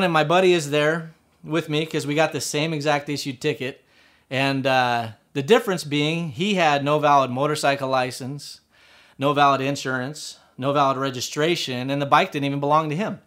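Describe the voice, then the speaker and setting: A man's voice: a little high, a little fast, a bit bright. A man casually telling a personal story about riding motorcycles, rambling with many fillers and restarts.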